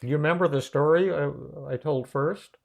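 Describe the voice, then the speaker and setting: A man hosting a podcast, telling a story in a casual, animated way with many restarts. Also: fairly high pitch, normal speed. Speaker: podcast host and psychiatrist.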